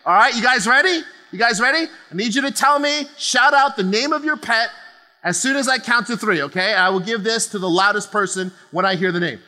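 Chatty high-voiced pastor in a reverberant hall. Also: male voice, pushed and bright. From New Jersey. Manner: chatty, keeps adding "okay?", quick laughs. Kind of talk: lively sermon to a congregation. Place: large church auditorium. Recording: long hall reverb of a church auditorium.

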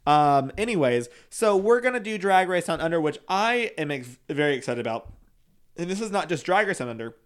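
A man's voice: fairly high pitch, sing-song, brisk, smooth. Male podcast co-host: campy, chatty and loose, heavy on fillers and swearing. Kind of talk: casual chat.

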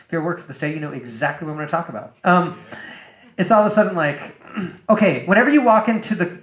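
Guy preaching casual, lots of likes and you-knows, high voice, echoey room. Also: fast talker. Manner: loose, animated, full of fillers and acted-out asides. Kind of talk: casual sermon. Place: church hall with a live audience. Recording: roomy echoing hall.

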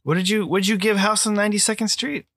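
An American man hosts a casual chat about films in a dry, close-sounding recording. His voice is mid-pitched, and he talks with joking, self-mocking banter. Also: fairly even intonation, fast talker, a bit bright, dry recording. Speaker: podcast host. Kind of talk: casual film-review chat.

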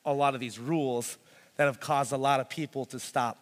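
Pastor preaching in a reverberant hall. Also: male voice, medium pitch, fairly even intonation, a little fast. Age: young adult to middle-aged, a parent. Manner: conversational, peppered with "like". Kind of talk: sermon.

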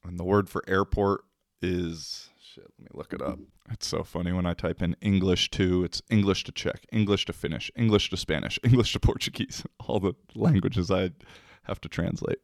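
A man's voice: low-pitched, steady tone, normal speed, no room sound, clean studio sound. A man talking casually to the camera, telling a rambling story, laughing often and swearing offhandedly.

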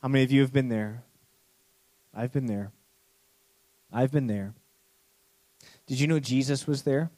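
A man preaching a sermon, telling a parable with swings between urgent speed and hushed, slow emphasis. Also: medium pitch, no echo. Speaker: pastor.

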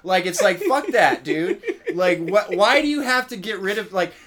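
A young man talks casually, rambling from one thought to the next with plenty of profanity. His voice sits slightly high for a man, and he laughs through much of what he says. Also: lively intonation, moderate pace, fairly bright tone. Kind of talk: casual chat.

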